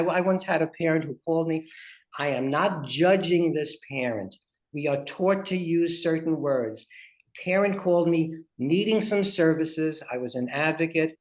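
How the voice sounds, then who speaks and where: Lively storytelling marks this webinar by a male family advocate, who speaks straight to the people watching. He has a fairly high pitch.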